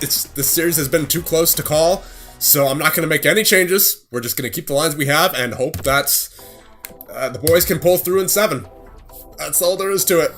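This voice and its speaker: A young man giving casual, excitable play-by-play commentary over his own hockey video game, laughing along as he plays. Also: a little high. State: out of breath at times. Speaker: gaming video creator.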